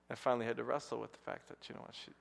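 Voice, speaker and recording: A man's voice: mid-range voice, vocal fry. Man preaching in a reverberant hall. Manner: storytelling, rising to loud excited outbursts. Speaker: pastor. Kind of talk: sermon.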